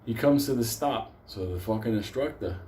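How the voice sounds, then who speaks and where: A man's voice: lowish voice, moderate pace, dark tone, a little hiss or hum. A man telling a comic story casually, profane and laughing as he rambles.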